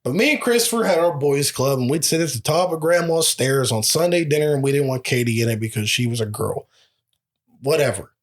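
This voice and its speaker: A man's voice: medium pitch, lively intonation, a little fast. A young man co-hosting a casual podcast, telling family stories and acting out quotes with a raised voice. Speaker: podcast co-host. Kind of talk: casual storytelling chat.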